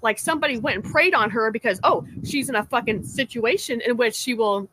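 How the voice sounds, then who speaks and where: A woman's voice: fairly high pitch, a little fast, sharp tone, a little hiss or hum. A woman ranting angrily and cursing constantly in a heated online argument. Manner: profane, angry, ranting. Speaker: livestream participant.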